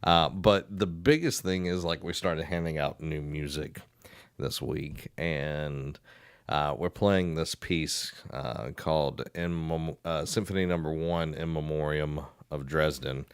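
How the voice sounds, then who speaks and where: A man's voice: a bass voice, steady tone, unhurried, clear, resonant tone, no room sound. A man with a Southern US accent, a school band director chatting casually on a podcast in a rambling way with many fillers.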